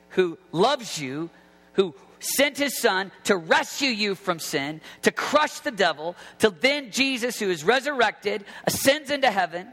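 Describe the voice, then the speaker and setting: A man in his thirties preaching an impassioned sermon to teenagers as a youth pastor, often shouting. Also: extremely high pitch. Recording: long hall reverb.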